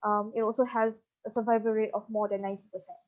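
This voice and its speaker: A woman's voice: on the high side, little pitch movement, fast, muffled recording. A woman giving a student medical presentation in a tentative, filler-heavy way.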